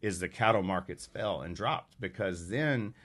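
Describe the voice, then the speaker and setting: A man with a very deep voice explains things plainly as a guest. He stays matter-of-fact but leans hard on the points he wants to land. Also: expressive, unhurried, fairly bright tone. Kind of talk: explanatory interview talk.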